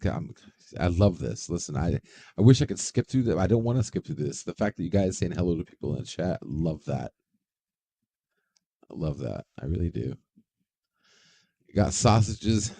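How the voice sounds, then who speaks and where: A low-pitched man with a gravelly, very dark voice hosts a casual livestream. He rambles, swears freely and greets viewers from the chat by name. The sound is dry and close. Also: no room sound. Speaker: livestream host.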